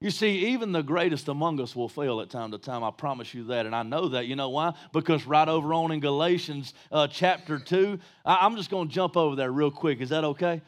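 A male pastor preaching a sermon in a folksy, joking way, rising to shouts for emphasis. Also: fairly high pitch, lively intonation, a little fast, hardly any pauses.

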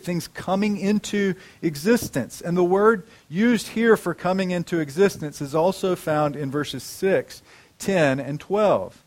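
A man preaching a sermon, asking the congregation questions and slowing down to stress key words. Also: on the high side, darkish tone.

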